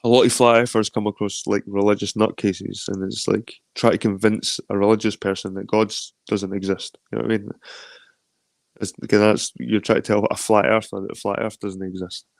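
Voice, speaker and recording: A man's voice: fairly low pitch, flat delivery, moderate pace, vocal fry, dry recording, studio quality. A Scottish man hosting a stream, chatting loosely and reading out viewer comments, rambling with lots of swearing. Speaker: stream host.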